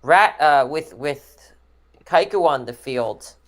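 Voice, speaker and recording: A co-commentator calling a card game match in short, brisk play-by-play lines. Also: mid-range voice, expressive. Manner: brisk, calls plays in short declarative lines.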